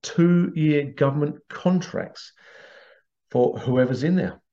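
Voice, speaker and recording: On a dull, lo-fi podcast recording, a UK host rants agitatedly, firing off rhetorical questions. His voice sits on the high side with a dark tone, and he takes things slowly.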